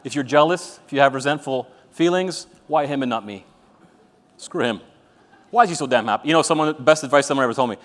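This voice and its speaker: A man's voice: medium pitch, moderate pace, pauses often, a bit bright. A man giving a live motivational talk to an audience, blunt and profane, telling jokey stories. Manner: blunt, profane, joking storyteller. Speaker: motivational speaker. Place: event venue with an audience. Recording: reverberant event hall.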